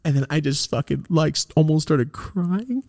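A man's voice: a little high, normal speed. A man hosting a podcast, telling a story in casual chat, swearing freely and acting out the voices of the people in it. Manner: animated, profane, acts out the voices in his stories. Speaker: podcast host.

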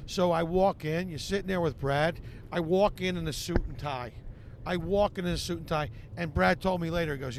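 Male comedian guest with a high, gravelly voice. Animated, profane storyteller who acts out the people in his stories. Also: brisk, slight background noise. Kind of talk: podcast storytelling.

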